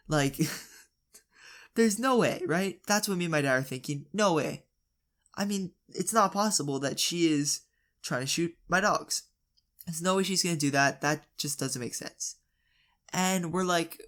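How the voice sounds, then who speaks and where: A teenage vlogger telling a storytime tale in a chatty, exaggerated way with quick asides. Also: medium pitch, fairly bright tone. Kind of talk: storytime narration.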